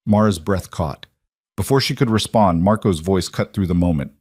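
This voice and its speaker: A man narrating a scripted romance story in a measured, dramatic way. His voice sits on the low side, and the sound is dry and close. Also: a little mellow, breathy edge, dry recording.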